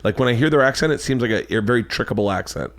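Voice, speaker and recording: A man hosts a podcast in a medium-pitched voice. He is excitable and crude, jumping eagerly from one question to the next. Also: rapid-fire. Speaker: podcast host. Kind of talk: casual podcast chat. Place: podcast studio.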